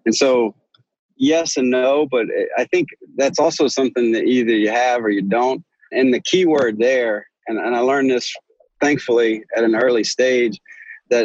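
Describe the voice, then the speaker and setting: A man's voice: medium pitch, moderate pace, dry recording. A man, an orthopedic surgeon answering interview questions in an earnest, rambling way with frequent restarts. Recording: dry, dull lo-fi sound.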